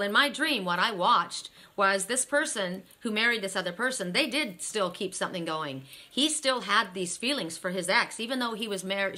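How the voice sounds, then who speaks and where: A woman's voice: mid-range voice, bright, forceful tone. A woman telling a story from a psychic reading in a rambling, blunt way, swearing freely. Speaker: psychic reader. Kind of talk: casual spiritual storytelling.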